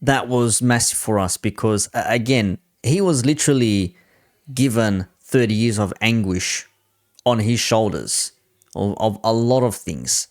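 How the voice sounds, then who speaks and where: A man's voice: on the low side, measured pace, no room sound, clean studio sound. A man on a football panel, speaking as a Liverpool fan in a blunt, sweary, ranting debate.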